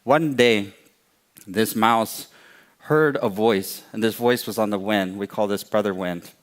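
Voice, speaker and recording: Male oral storyteller, unhurried, repeats phrases for rhythm. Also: on the low side. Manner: slow, repetitive phrasing.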